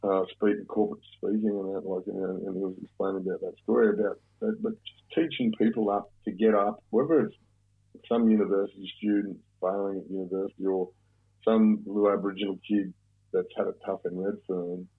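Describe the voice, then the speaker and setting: Gravelly Australian man in his fifties. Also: deep voice, steady tone, fairly quick. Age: 50s. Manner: blunt, swears often, rambling with many restarts. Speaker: podcast guest. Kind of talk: casual conversation. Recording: tinny phone-like sound.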